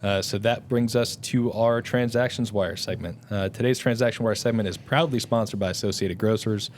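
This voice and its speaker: A man hosting a casual sports podcast, talking in a halting way with many restarts and fillers. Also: lowish voice, a little hiss or hum. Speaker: podcast host.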